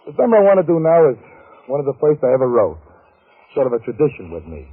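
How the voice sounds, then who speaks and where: A middle-aged man hosting a radio comedy show, giving a deadpan mock lecture with songs, on an old broadcast recording. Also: medium pitch, quick pace, slightly rough, phone-quality sound. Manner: deadpan mock-scholarly delivery.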